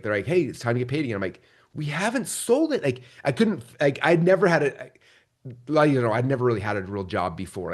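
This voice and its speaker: A man in his forties telling a story in a casual live training session, acting out the voices of the people in it. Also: lowish voice. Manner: animated storytelling, acts out quoted voices. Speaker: business trainer.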